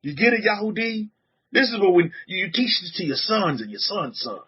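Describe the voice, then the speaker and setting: A man preaching a sermon to a congregation, animated, repeating words and putting questions to the room, on a dull lo-fi recording. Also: high-pitched, fairly quick, slightly rough. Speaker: rabbi teaching a congregation.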